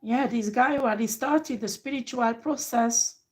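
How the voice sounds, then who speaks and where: A woman with a fairly high voice giving a tarot reading. She speaks emphatically and straight at the listener, and she swears now and then. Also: unhurried, darkish tone, rough recording. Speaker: tarot reader.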